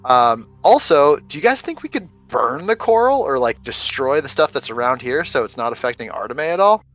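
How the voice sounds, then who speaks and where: A man's voice: medium pitch, very animated, moderate pace, a bit bright, faint music behind, rough recording. A man playing a tabletop game, chatting casually with the other players in a rambling, joking way and laughing often. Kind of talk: casual chat between players.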